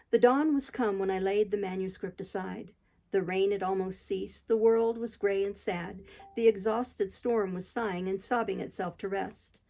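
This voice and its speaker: A woman reading a classic novel aloud in a measured, steady storytelling manner. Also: medium pitch, gravelly, poor audio. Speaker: audiobook reader. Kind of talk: audiobook narration.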